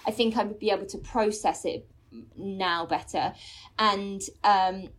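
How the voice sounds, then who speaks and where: A woman comedian, a guest on a podcast, chatting casually and telling an animated story with lots of fillers and the odd swear word. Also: mid-range voice, a little slow.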